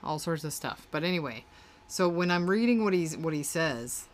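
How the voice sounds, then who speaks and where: A woman's voice: deep voice, animated, normal speed. A woman co-hosting a podcast in casual chat, rambling with fillers. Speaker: podcast co-host.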